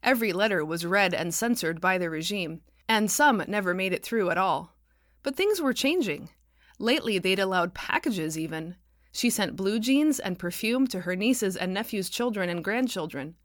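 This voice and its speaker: A woman author narrating her own novel as an audiobook, wry and expressive. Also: mid-range voice, moderate pace, dry recording, clean studio sound.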